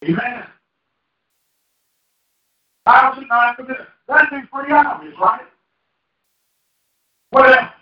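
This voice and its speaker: A high-voiced male pastor preaches in a folksy, joking way and keeps quizzing his congregation. His voice is caught from some distance in a roomy hall, and the sound is dull. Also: fairly even intonation, slow pace, long pauses, sharp tone. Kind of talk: preaching a sermon. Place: church hall. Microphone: handheld microphone.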